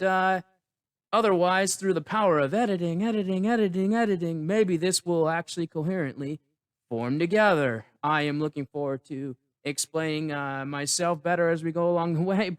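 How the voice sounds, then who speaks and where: A man's voice: on the high side, smooth, no room sound. A man hosting a casual review show, talking in a playful, rambling, mock-self-important way. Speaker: podcast host. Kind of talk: casual comedic review chat.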